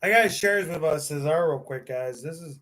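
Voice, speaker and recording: A man's voice: fairly high pitch, fairly quick, a bit bright. A man hosting a casual livestream, joking with viewers, laughing often and swearing, tired and yawning. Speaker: livestream host.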